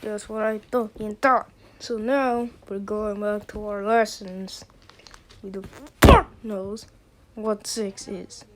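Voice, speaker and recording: A woman voicing a furious, foul-mouthed schoolteacher who yells and threatens her class. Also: mid-range voice, takes it slowly, noisy background, natural voice. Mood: raging. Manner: yelling, swearing, threatening.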